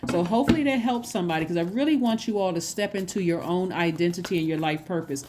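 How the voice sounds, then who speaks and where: A woman's voice: on the low side, quick pace, background noise. A woman giving a casual spoken tarot reading. She rambles, repeats her phrases and checks in with "right?". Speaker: tarot reader.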